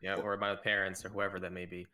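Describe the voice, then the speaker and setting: A young man co-hosting a podcast in casual chat, animated, acting out quoted lines with shifts in his voice. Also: fast talker, over a noisy crowd. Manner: animated, shifts pitch to act out quoted dialogue. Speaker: podcast co-host.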